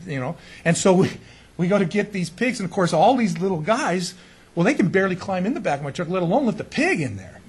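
A man, a pastor, preaching through an animated, self-mocking story full of restarts. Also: fairly high pitch, husky. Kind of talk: storytelling sermon.

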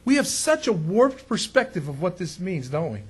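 A pastor with a husky, breathy edge to his fairly high voice talks through his sermon in a loose, conversational way. He jokes, stresses his points hard, and keeps turning to his listeners with questions. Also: sing-song, normal speed. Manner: joking, emphatic, asks the listeners questions.

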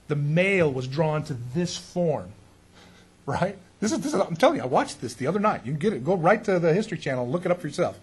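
A man's voice: a little high, breathy edge. A middle-aged male pastor preaching a sermon in a folksy, sarcastic style with indignant outbursts.

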